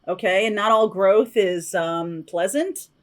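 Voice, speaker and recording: A woman's voice: mid-range voice, a little slow. A woman giving a casual, chatty tarot reading to her viewers, talking intuitively with many fillers and asides. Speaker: tarot reader.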